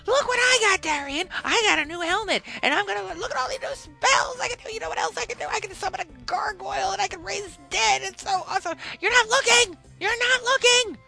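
Woman playing a clingy male death knight, high squeaky voice, whiny, childlike pleading, gravelly edge. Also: a little fast, hardly any pauses, bright, forceful tone, faint music behind, full character voice. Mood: eager.

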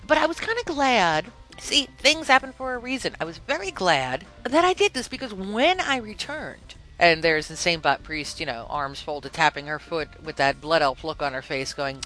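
A woman hosts a casual podcast, telling a story with lively swings in pitch and a bright, edgy tone. She acts out each quote in a different voice. Faint music plays under her. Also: normal speed, rough recording. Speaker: podcast host.

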